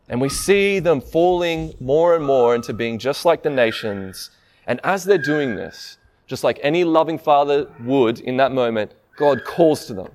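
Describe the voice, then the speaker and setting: A man's voice: mid-range voice, expressive, unhurried, darkish tone. A man preaching a sermon in a conversational way, often asking the listeners rhetorical questions.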